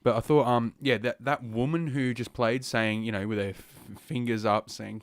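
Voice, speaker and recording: A man's voice: medium pitch, fairly even intonation, normal speed, hardly any pauses, no echo, studio quality. A man hosting a solo podcast, rambling and crude, a little out of breath. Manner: rambling, crude and heavily profane. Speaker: podcast host. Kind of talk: casual solo podcast rant. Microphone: podcast microphone.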